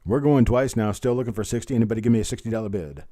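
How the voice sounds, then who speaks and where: This coin auctioneer, working a live online sale, speaks very fast in a mellow voice on the low side. He repeats each bid call and chats warmly with bidders.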